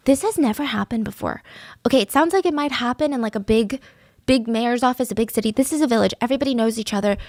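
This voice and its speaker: A woman telling a true-crime story to her podcast audience in a chatty, expressive way. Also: mid-range voice, no echo, studio quality. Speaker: storyteller host.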